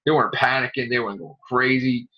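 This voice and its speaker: A man hosting a casual podcast chat, animated and acting out scenes with loud outbursts. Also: mid-range voice, fast, muffled recording. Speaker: podcast host.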